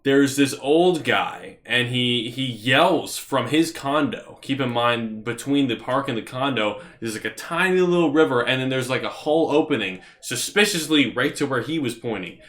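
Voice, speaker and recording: Young guy telling a dumb kid story, lots of likes and you knows, rambly and animated. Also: medium pitch, moderate pace, hardly any pauses. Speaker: vlogger. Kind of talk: casual storytelling.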